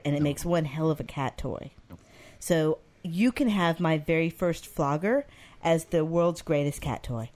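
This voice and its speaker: A woman chatting in a podcast and teasing the others, laughing often. Her voice sits fairly low, and she talks slowly and unhurriedly. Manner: slow, teasing, laughs a lot. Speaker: podcast co-host. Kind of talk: casual chat.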